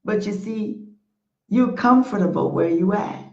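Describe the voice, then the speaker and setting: A woman's voice: mid-range voice, a little slow, gravelly, dark tone. A middle-aged woman hosting a talk show, preaching in a fiery, declarative way and repeating phrases for emphasis. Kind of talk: impassioned preaching monologue. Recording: echoey room, dull lo-fi sound.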